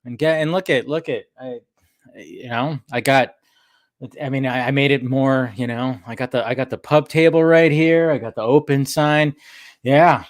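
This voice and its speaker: A man's voice: medium pitch, normal speed, no room sound, clean studio sound. A man hosting a live stream from a room at home, chatting loosely and rambling as he greets viewers by name. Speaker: host of a live drinking stream. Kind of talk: casual live-stream chat. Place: home room with a pub table.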